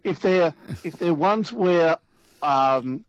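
Male radio quiz regular, hesitant, thinks out loud, lively pitch, dry close sound. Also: takes it slowly, no echo, muffled recording. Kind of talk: casual on-air chat.

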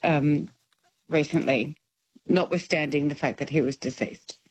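A woman's voice: low-pitched, a little slow, a little mellow, husky, poor audio. A young woman calling in to a radio quiz, chatty and rambling, laughing as she tells a family story. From Ireland. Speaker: caller. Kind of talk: casual phone-in chat.

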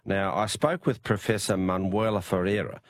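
An Australian man with a croaky, hoarse voice, hosting a late-night radio show in a relaxed, chatty way. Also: low voice, normal speed, no echo. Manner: relaxed, chatty, frequent uh fillers. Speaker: radio host. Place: radio studio. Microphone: studio mic.

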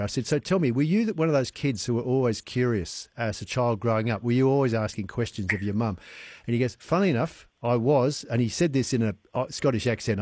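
A man's voice: medium pitch, dry recording. A man hosting a radio show, chatting casually and laughing easily as he tells stories. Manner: laughs easily, animated storyteller. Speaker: radio host.

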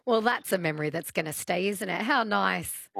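A woman's voice: medium pitch, normal speed, gravelly, a bit bright, dry recording, clean studio sound. An Australian woman hosting a call-in radio show, chatting in a friendly way and laughing often with callers. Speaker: radio host. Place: radio studio. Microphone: studio mic.

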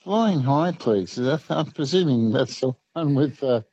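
A man's voice: mid-range voice, animated, unhurried, warm tone, slightly rough, highs cut off. A man with an Australian accent calling in to a radio quiz, chatty and stumbling over his words. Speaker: caller. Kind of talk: phone-in chat.

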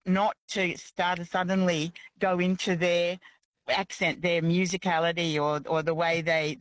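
A woman calling in to a radio chat, talking in a hesitant, halting way with many restarts. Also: fairly low pitch, dry recording, rough recording. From Australia. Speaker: caller.

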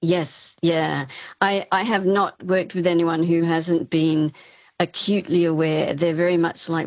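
A woman's voice: fairly low pitch, little pitch movement, measured pace, no room sound. Woman, academic guest, explanatory, restarts often; slightly muffled, dry sound. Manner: explanatory, with frequent ums and restarts. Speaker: speech pathology professor, interview guest. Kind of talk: radio interview, expert explaining.

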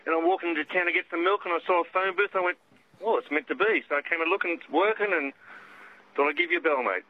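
An older Australian man rings in from a public phone box, talking quickly in an upbeat, chatty way and calling the host mate. The line is dull and lo-fi. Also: high voice. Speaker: caller. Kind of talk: casual phone-in chat.

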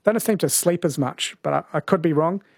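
An Australian man hosts a late-night radio talkback quiz, friendly and chatty. His voice sits a little high, and it is close and dry in the studio. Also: fairly quick, vocal fry, no room sound. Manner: friendly, chatty, reads out listener messages.

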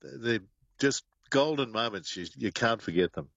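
A man's voice: mid-range voice, lively intonation, normal speed, gravelly, no echo, lo-fi sound. An older man, co-hosting a radio show and sharing anecdotes with many fillers. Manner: warm anecdotal, hesitant with fillers. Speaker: co-host. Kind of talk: radio talk.

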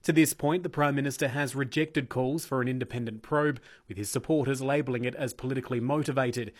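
A man filing a formal, measured news report as a foreign correspondent. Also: mid-range voice, fairly even intonation.

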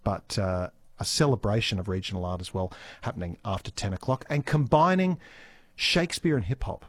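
A man's voice: lowish voice, lively intonation, fairly quick. A man with an Australian accent hosting live talk radio, chatty with lots of fillers and restarts. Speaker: radio host. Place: radio studio. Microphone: studio mic.

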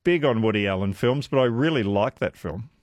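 A man's voice: on the low side, animated, fairly quick, dry recording. A man hosting a radio quiz with callers, chatty and self-deprecating, laughing often. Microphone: studio microphone.

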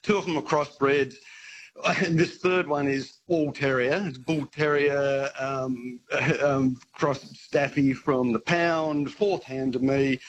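A man's voice: mid-range voice, fairly even intonation, takes it slowly, slight background noise, low-quality recording. A man calling in to a radio show, talking with enthusiasm and laughing as he goes. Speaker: caller.

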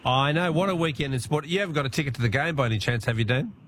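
A man's voice: fairly high pitch, expressive, racing, noisy background. A man with an Australian accent hosting a radio quiz, chatting casually and laughing easily with callers. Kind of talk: casual talkback radio chat.

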